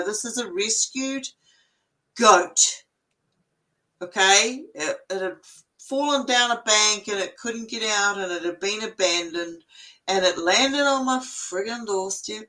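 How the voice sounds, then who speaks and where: Slow-talking bright-voiced woman chatting. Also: medium pitch, poor audio. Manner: animated, laughs often, swears casually. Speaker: co-host of a spiritual livestream. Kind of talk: casual chat. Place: home.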